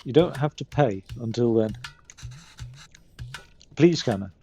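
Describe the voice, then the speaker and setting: A man's voice: medium pitch, expressive, slow, vocal fry, mellow, faint music behind. A man streaming a game live, reading the characters' lines aloud and commenting between them.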